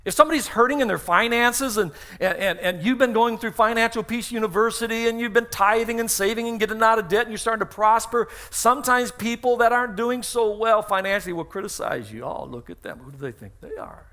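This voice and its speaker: High, bright-voiced pastor preaching. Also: male voice, a little fast, few pauses. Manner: storytelling with acted-out dialogue; emphatic, repeats key phrases. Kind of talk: sermon. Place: church sanctuary.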